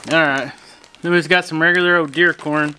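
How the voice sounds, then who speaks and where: A man's voice: a little high, steady tone, fairly quick, pushed and bright. A man hosting a casual farm vlog, chatting easily to viewers and calling his animals while he moves around a camera set down nearby in a farm shop and goat pen. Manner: easygoing, chatty, calls to animals. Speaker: farm channel host. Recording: noisy farmyard with animals in the background.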